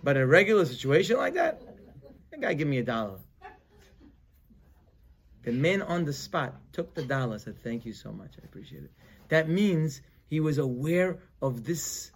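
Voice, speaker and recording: A rabbi leading a weekly Torah class tells the story with real animation, moving between loud emphasis and quiet asides. His English is dotted with Hebrew terms. His voice runs a bit high, slightly rough, and he takes his time.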